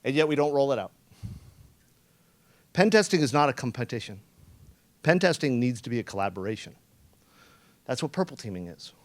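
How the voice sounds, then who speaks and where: In a conference room, a man with a mid-range, sing-song voice gives a talk, speaking a little fast and pausing often. He tells a story sarcastically and with profanity, acting out the quoted lines.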